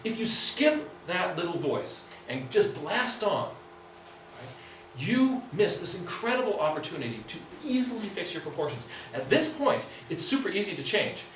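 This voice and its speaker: A man's voice: high-pitched, very animated, normal speed, fairly bright tone. A man teaching a nature drawing class in an enthusiastic, conversational way. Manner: enthusiastic, conversational, acts out inner voices. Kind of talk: lively teaching talk. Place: club meeting room. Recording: echoey room, mic far off, faint hiss.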